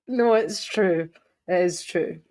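A woman's voice: fairly low pitch, dark tone. A woman co-hosting a podcast, chatting casually, joking and laughing often. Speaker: podcast co-host. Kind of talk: casual chat.

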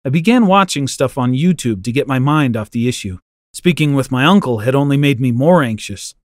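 A man narrating a first-person story in a lively, dramatic way. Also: medium pitch, fairly quick, no room sound, clean studio sound. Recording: soft music underneath.

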